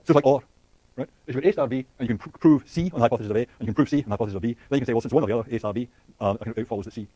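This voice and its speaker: A man lectures at high speed, with frequent fillers, restarts and questions to the class. His voice is dark and slightly husky. The recording is dry and close. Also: no echo. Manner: rapid, thinking aloud with frequent fillers and restarts; asks the class questions and laughs lightly. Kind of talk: university lecture.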